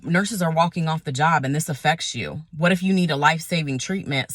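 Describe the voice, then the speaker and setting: A woman's voice: low-pitched, a little fast, few pauses, no echo, studio quality. A woman nurse giving a frustrated, emphatic vlog rant, repeating points for emphasis. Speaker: nurse vlogger.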